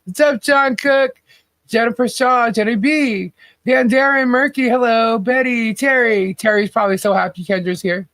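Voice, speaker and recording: A woman's voice: fairly high pitch, moderate pace, fairly bright tone, no room sound. A woman co-hosting a livestream in casual chat, laughing often and greeting viewers by name. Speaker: livestream co-host.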